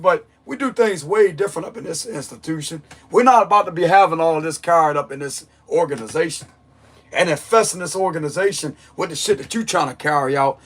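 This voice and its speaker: A man giving a blunt, emphatic tarot reading monologue, repeating his points with a strained voice. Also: on the high side. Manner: forceful, emphatic, repeats himself. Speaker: tarot reader.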